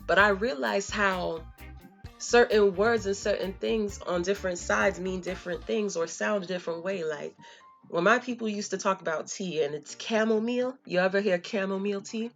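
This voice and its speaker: A woman's voice: mid-range voice, moderate pace, gravelly, a bit bright, faint music behind. A young woman from Florida talking casually to her viewers, telling stories and slipping into slang and fillers as she goes. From Florida, USA. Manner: conversational and storytelling, drops in slang and fillers. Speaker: vlogger. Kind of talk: casual talk to camera.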